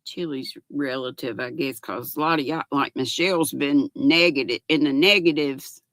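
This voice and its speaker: A woman's voice: extremely low pitch, moderate pace, a bit bright, no echo. An older woman hosting a casual livestream from home, chatting with viewers and greeting each one by name. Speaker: livestream host.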